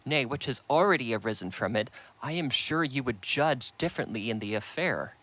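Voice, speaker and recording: A man's voice: medium pitch, lively intonation, brisk, sharp tone, low-quality recording. A man reading the part of an earnest, sensible young woman in an audiobook, pleading her case.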